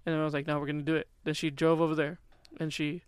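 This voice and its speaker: Young guy talking super fast, kinda high smooth voice, chatty podcast story. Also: level tone, no room sound. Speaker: podcast co-host. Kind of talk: casual chat.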